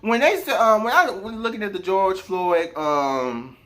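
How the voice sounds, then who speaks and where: A man's voice: sits high, lively intonation, a little slow, fairly bright tone. A man from South Mississippi giving earnest personal commentary, full of rhetorical questions. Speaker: vlogger.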